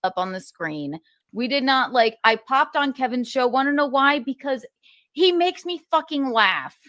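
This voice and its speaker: A woman streams, defending herself in an exasperated way and swearing often. Her voice sits a bit high. The sound is dry and close. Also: lively intonation, normal speed, a bit bright, dry recording. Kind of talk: casual defensive monologue.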